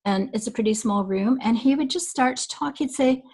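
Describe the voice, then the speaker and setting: A woman guest on a recorded call reflects on the early days, telling stories from long ago in a rambling way with many fillers. Her voice is on the high side, darkish and slightly rough, at a normal speed, and the recording quality is low.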